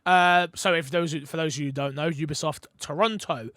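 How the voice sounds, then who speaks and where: Bright, high-voiced male podcast host. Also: a little fast, no room sound. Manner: animated, jokey storyteller. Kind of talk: casual podcast chat.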